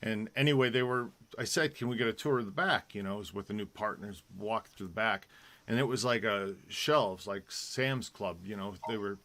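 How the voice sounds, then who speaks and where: Bright-voiced man hosting a live show. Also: on the low side, moderate pace. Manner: rambling, many fillers and restarts. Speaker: host of a live online show. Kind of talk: casual live-stream chat.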